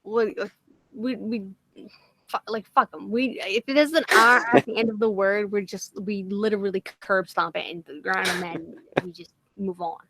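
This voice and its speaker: A young woman with a slightly boyish, nasal voice, co-hosting a livestream in casual chat, animated, self-mocking and swearing freely. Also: medium pitch, moderate pace. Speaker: livestream co-host.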